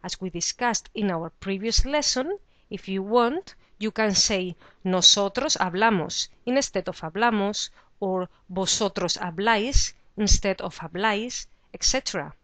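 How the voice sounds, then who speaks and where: A woman teaching a beginner Spanish lesson, explaining verb endings in a scripted way and saying the example words slowly and clearly. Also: mid-range voice, fairly bright tone, no echo. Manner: clear, slow model pronunciation of example words.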